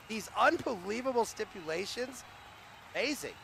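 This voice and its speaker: A man hosting a comedic mock press conference who talks in an excitable, rallying announcer style. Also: fairly high pitch, moderate pace, vocal fry, a little hiss or hum. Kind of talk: comedic live-stream emcee.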